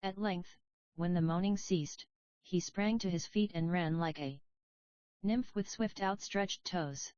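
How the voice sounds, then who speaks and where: Lady calmly reading an old kids' legend, lowish voice, kinda dull sound. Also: takes it slowly, dry recording. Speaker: audiobook narrator. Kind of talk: storybook narration.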